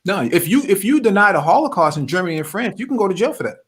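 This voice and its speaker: A man hosting a political talk show, speaking calmly with frequent brief agreements. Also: high-pitched, fast, slightly rough. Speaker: host.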